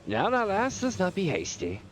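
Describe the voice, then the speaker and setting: A man voicing a gruff, streetwise male rogue guildmaster from a game, folksy and calling people lass. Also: high voice, wildly swooping pitch, normal speed. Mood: stern. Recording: dull lo-fi stream audio.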